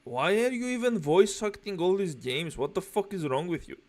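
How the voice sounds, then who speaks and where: A man's voice: sits high, sing-song, normal speed, a little mellow. Man ranting in profane mocking commentary. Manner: profane, aggressive mocking rants. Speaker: reaction commentator.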